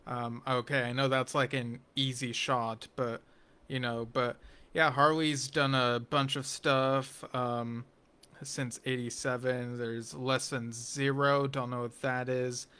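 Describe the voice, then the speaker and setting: A man casually talks through a TV episode review, slow and rambling, his bright, forward voice clear and resonant and holding fairly level in pitch with a flat delivery. He keeps looping back with ums and restarts, tossing in wry, geeky asides.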